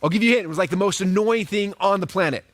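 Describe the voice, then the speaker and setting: A man teaching online marketing to a live group, acting out quoted voices in a high excited pitch. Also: rapid-fire, no echo. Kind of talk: energetic teaching talk.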